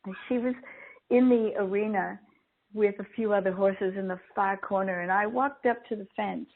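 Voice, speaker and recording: A woman's voice: medium pitch, moderate pace. Woman on a tinny phone line. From Australia. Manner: chatty, laughs often while telling stories. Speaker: guest. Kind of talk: casual storytelling interview.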